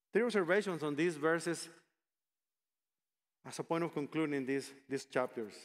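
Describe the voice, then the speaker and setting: A man preaching a sermon, speaking in a measured, emphatic way and reading passages aloud. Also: on the high side, big-room sound.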